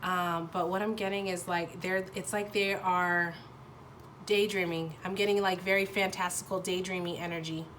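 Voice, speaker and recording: A young woman reads tarot cards in a slightly low, bright voice that sounds nasal from a sinus infection. She talks haltingly, restarting and searching for the right words. A faint hiss sits behind her. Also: flat delivery. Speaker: tarot reader. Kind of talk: casual intuitive tarot reading.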